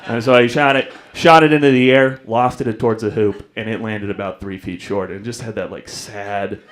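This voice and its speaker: A man's voice: fairly low pitch, steady tone, normal speed. A young man doing a stand-up comedy set on a club stage, telling self-deprecating stories and acting out the people in them. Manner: self-deprecating storytelling, acts out voices.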